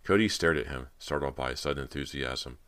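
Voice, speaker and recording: Extremely deep-voiced male audiobook narrator. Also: fairly quick, a bit bright, smooth.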